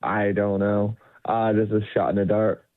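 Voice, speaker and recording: Male caller, breathy drawl, dry phone-line sound. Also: level tone, moderate pace, no echo. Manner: low, breathy, drawling delivery. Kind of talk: phone call to a radio show.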